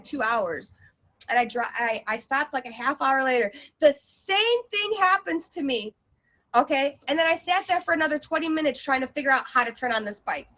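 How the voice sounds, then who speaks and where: A high-voiced woman tells a personal story with lots of energy. She laughs often and acts out her own panic as she goes. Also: sharp tone, poor audio.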